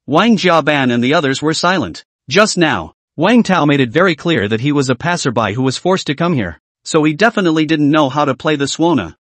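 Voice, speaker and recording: A man narrating a comic-style story recap in a lively storytelling manner, voicing each character himself. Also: on the high side, dry recording.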